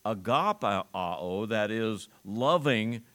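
A man preaching a sermon to a congregation, earnest, with pauses, restarts and emphatic rises on key lines. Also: lowish voice, expressive, fairly bright tone. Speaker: pastor.

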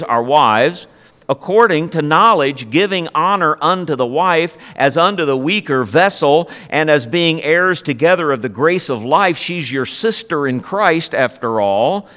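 A man's voice: a little high, fairly bright tone. A man preaching a sermon in a conversational way, asking his listeners questions as a pastor. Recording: long hall reverb.

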